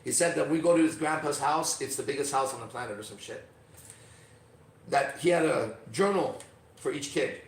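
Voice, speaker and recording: A middle-aged man telling a personal story on a podcast, emphatic and profane, swinging from quiet to loud. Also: medium pitch, moderate pace, vocal fry, recorded from a distance, a little hiss or hum. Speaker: podcast host. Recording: roomy echo, off-mic.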